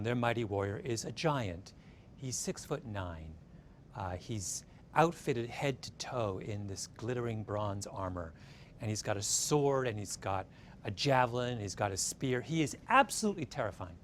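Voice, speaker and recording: A man's voice: mid-range voice, moderate pace, slight background noise. A man giving a storytelling talk, telling the story with animation and often checking in with his listeners. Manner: animated, keeps checking in with "right?". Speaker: speaker retelling a story.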